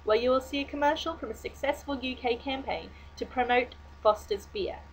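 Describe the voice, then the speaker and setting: A young woman from Australia with an Australian accent, who gives a scripted academic presentation as a student in a measured, formal reading style. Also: sits high, a little hiss or hum, poor audio.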